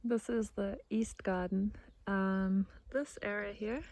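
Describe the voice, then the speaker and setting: Outdoors at her rural house and garden, a woman vlogs in a slow, steady, darkish voice of medium pitch, with no echo. She chats casually, walks the camera through the garden, and uses baby talk with her pets.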